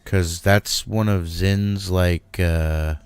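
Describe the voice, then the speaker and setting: A man's voice: low-pitched, fairly even intonation, a little mellow, clear, resonant tone. A man describing his character's actions hesitantly, with many fillers and restarts. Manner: slow, hesitant, full of fillers. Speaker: player. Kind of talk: tabletop role-play chat.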